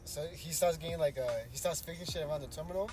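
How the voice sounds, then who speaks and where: A man's voice: on the high side, fairly even intonation, fast, over music. A young man co-hosting a casual podcast, slangy and hesitant as he retells a story. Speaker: podcast co-host. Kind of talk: casual chat.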